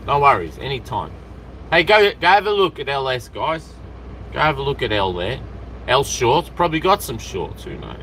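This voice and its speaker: An Australian man chatting to camera outdoors in an excitable, rambling way, jumping between topics. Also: mid-range voice, normal speed, poor audio. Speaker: vlogger. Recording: outdoor street noise, traffic behind.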